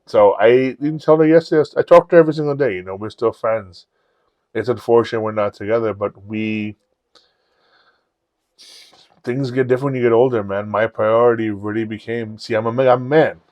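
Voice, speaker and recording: A man's voice: mid-range voice, brisk, no echo, dull audio. Candid, profane man telling stories. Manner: candid, profane, animated storyteller. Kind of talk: casual storytelling chat.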